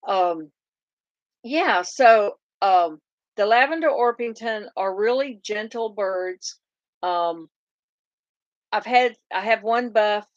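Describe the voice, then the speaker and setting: A woman's voice: medium pitch, no echo, dull audio. A middle-aged woman with a thick Southern drawl chats unhurriedly with viewers on a farm livestream. She rambles and restarts her sentences, filling the gaps with ums. Her voice sits dry and close, with almost no room sound. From Oklahoma. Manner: chatty and rambling, many fillers and restarts. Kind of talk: casual live chat reading viewer comments.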